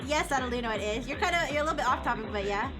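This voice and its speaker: High-voiced woman chatting on a livestream. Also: expressive, racing, music in the background. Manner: rambling, laughs often, lots of "like". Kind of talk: casual livestream chat.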